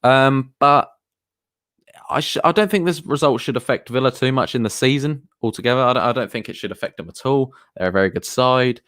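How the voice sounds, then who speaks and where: A man's voice: medium pitch, fairly quick, fairly bright tone, no echo, clean studio sound. Chatty man rambling on stream. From England. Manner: rambling, chatty, reads out viewer comments. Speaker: football streamer. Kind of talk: live stream chat.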